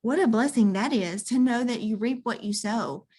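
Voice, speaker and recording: A woman's voice: fairly high pitch, normal speed, breathy edge. A woman chatting casually about her direct sales business, earnest and heartfelt, with plenty of fillers. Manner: earnest, warm-hearted testimonial with many fillers. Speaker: guest, direct sales seller. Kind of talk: casual chat.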